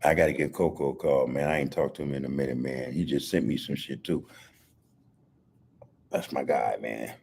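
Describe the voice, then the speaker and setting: A man's voice: a bass voice, fairly even intonation, normal speed, creaky, darkish tone, slight background noise. An older man hosting a podcast, telling stories in a casual, profane way and laughing often. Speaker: podcast host. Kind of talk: casual storytelling chat.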